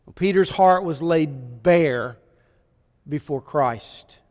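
A man's voice: fairly high pitch, slow, darkish tone, big-room sound. A man preaching a sermon, telling the story with many rhetorical questions.

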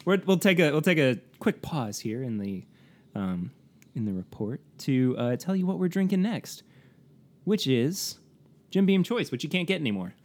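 A man's voice: on the high side, sing-song, moderate pace. Chatty man with a rambling delivery. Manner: rambling and self-correcting, laughs often. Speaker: co-host of a whiskey tasting show. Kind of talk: casual chat.

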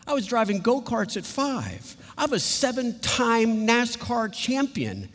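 A man's voice: very high-pitched, sing-song, slow, pitched above the performer's own voice, full character voice. A man putting on the voice of an indignant veteran race car champion, boasting in huffy outbursts. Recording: long hall reverb.

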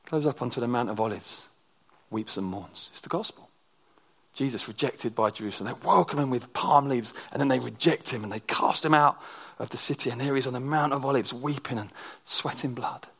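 Male preacher, high voice, sermon with hushed, intense drops. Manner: shifts from animated to hushed, near-whispered intensity.

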